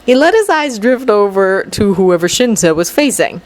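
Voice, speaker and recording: A woman's voice: medium pitch, big pitch swings, moderate pace, darkish tone. A woman narrating a fanfiction audiobook. Her intonation moves a lot as she tells the story expressively.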